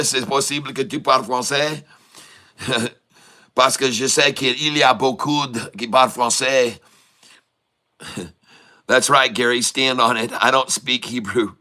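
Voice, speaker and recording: A man live-streams day-trading commentary in a pushed, bright mid-range voice, joking with chat and laughing often as he reads it, then repeating urgent warnings to his viewers.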